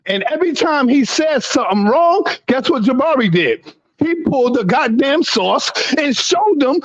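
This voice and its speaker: Man ranting loudly in a heated debate. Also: very high voice, expressive, moderate pace. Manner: loud, profane, lecturing. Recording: dull lo-fi sound.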